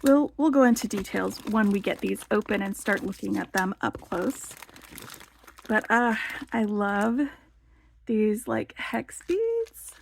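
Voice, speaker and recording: Chatty woman with a gravelly edge. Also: medium pitch, lively intonation, takes it slowly, slight background noise. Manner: chatty and enthusiastic, with many "like" fillers. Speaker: beading channel host. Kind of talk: casual show-and-tell vlog.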